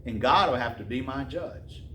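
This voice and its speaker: A man preaching a sermon who reads scripture slowly and then retells it in casual slang. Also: medium pitch, expressive, sharp tone, echoey room, slight background noise.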